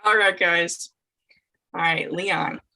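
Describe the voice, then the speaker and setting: Woman host, casual chat, giggly and a bit tongue-tied on names, bright tone. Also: on the low side, steady tone, slow pace, creaky, rough recording. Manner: laughs often, stumbles over names. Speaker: host reading dating scenarios. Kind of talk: casual group chat, reading a scenario aloud.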